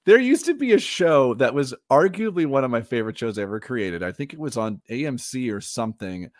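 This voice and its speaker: A man's voice: mid-range voice, brisk, no room sound, clean studio sound. A man co-hosting a podcast, chatting casually and telling stories with lots of laughter. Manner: animated, laughs often, lively storytelling. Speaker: podcast co-host. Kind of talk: casual chat.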